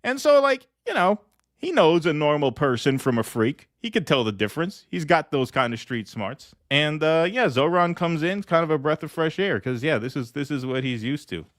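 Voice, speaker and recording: A man's voice: on the high side, big pitch swings, normal speed, no echo, clean studio sound. Joking man co-hosting a podcast. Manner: laughs often, loose and joking. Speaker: podcast co-host. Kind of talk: casual political commentary.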